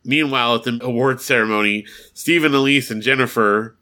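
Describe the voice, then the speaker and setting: A man's voice: medium pitch, a little fast, sharp tone. A man co-hosting a podcast, casually recapping an episode and acting out the characters' lines with laughs. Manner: recaps plot with acted-out quotes and laughs. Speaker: podcast co-host.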